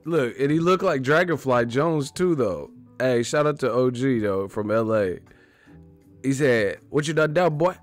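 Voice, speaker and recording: A man's voice: mid-range voice, unhurried. Guy on a livestream chatting loose and slangy, laughs a lot, faint music behind. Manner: laughs a lot, slangy, does mock voices of movie characters. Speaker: livestream host. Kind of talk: casual livestream chat.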